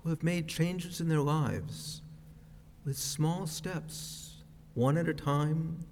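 A man preaching a sermon as a rabbi, with a slow, measured, reflective delivery. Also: fairly high pitch, a little mellow, a little hiss or hum. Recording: long reverb of a large hall.

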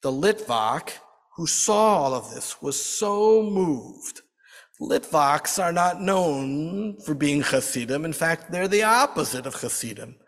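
A man's voice: on the high side, lively intonation, unhurried, fairly bright tone. A man narrating a folk tale dramatically, with varied emphasis, as a storyteller in a large hall.

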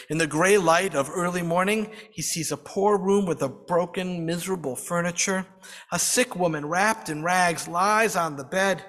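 A man's voice: a little high, a bit bright. A man narrating a folk tale dramatically, with varied emphasis, as a storyteller in a large hall.

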